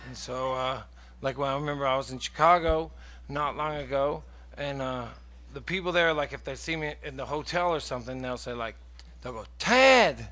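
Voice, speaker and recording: A man with a Southern accent, telling a halting, dryly funny story between songs at a concert. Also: mid-range voice, sharp tone. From Oregon and the US South. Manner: rambling, halting, dry humor. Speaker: singer-songwriter. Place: live music venue. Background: guitar music.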